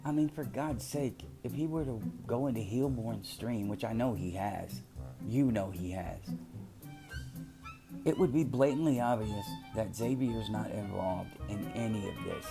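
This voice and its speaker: A middle-aged commentary channel host speaks in a fairly low, unhurried voice with vocal fry. His casual monologue is emphatic and wanders into anecdotes, with music playing in the background.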